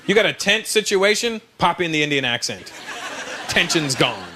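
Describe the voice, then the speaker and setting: A man's voice: a little high, very animated, normal speed. A male stand-up comedian, brash and teasing the crowd, on a noisy live stage recording.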